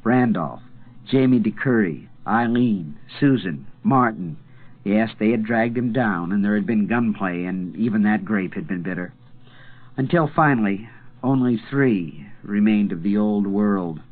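Low-voiced male audiobook narrator. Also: lively intonation. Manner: measured, dramatic reading with slow pauses. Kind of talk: scripted narration. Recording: tinny phone-like sound.

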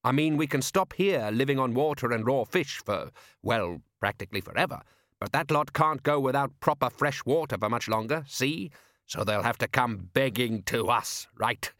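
A man's voice: medium pitch, animated, normal speed, fairly bright tone, no echo, studio quality. A man voicing a blustering, scheming middle-aged fisherman father who talks in a bossy way.

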